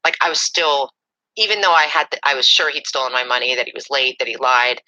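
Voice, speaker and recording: Brief: a woman guest retelling a story, talks very fast and dramatically, with a sharp, bright tone. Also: a bass voice, steady tone, a little hiss or hum, low-quality recording. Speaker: interview guest. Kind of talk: casual storytelling.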